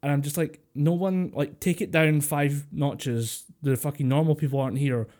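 A man's voice: a little high, steady tone, normal speed, darkish tone. A Scottish man co-hosting a podcast over a remote call, chatting casually, swearing freely and laughing often. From Scotland. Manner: sweary, laughing, goes into mock voices. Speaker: podcast co-host. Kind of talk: casual chat. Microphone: remote call mic.

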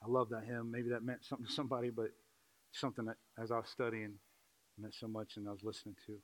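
A man pastor preaching a sermon, shifting from quiet, slow reflection to loud, pleading intensity. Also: flat delivery, poor audio. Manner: swings from quiet and slow to loud, high-pitched impassioned pleading.

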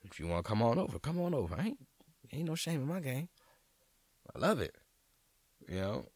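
A man's voice: mid-range voice, big pitch swings, brisk, a little mellow, dry recording. A man from New Orleans with a local accent, talking casually and profanely on his podcast, rambling with lots of restarts. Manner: rambling, profane, stop-start with many restarts. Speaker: comedian and podcast host. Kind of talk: casual solo podcast talk.

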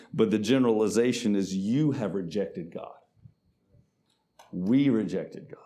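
A man preaching a sermon, calling out to the congregation and reading scripture slowly with weight. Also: lowish voice, dark tone. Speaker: pastor.

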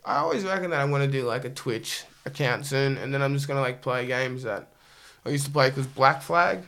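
A man in casual chat, talking in an animated, excitable way with lots of laughter. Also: mid-range voice, brisk.

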